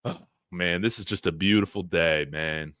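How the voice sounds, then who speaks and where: A man hosting a college football fan livestream, talking in an excited, brash, trash-talking way. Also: deep voice, normal speed, dry recording, clean studio sound.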